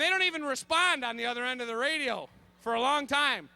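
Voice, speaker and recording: A man in his thirties telling a comic story on stage, animated and frantic, bursting into shouts. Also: extremely high pitch, fast talker, vocal fry, hardly any pauses. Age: 30s. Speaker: comedian.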